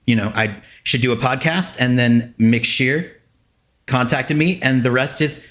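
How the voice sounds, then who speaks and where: Casting note: male podcast co-host, mid-pitched, playful and chatty. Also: unhurried, a bit bright. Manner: joking, rambling with restarts. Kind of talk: casual podcast chat.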